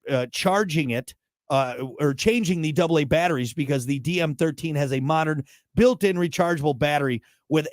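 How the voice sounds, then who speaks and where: Talk host, slightly high voice, blunt and ranty, dry close sound. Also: male voice, dry recording. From United States. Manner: blunt, worked-up ranting with jokey asides. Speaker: show host. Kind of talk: talk show monologue.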